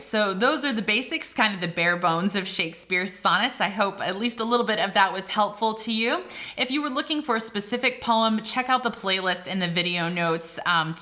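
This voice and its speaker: A woman's voice: mid-range voice, bright, forceful tone. An American woman explaining poetry in a casual video lesson, chatty and full of asides. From United States. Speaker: literature teacher.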